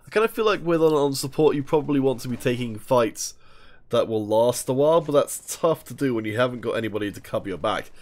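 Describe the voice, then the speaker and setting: A man's voice: mid-range voice, lively intonation, fast, a little mellow. A man casting an online shooter tournament live, chatting with viewers and reading their messages aloud between plays. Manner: chatty, reads chat aloud and jokes with viewers. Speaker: esports tournament caster. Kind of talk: live game commentary with chat replies.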